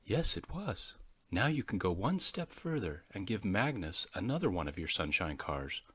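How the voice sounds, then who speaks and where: A man voicing a soft, wise little bluebird. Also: deep voice, normal speed, husky, no room sound, heavily acted. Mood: calm. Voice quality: soft, calm voice. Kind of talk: children's storybook reading.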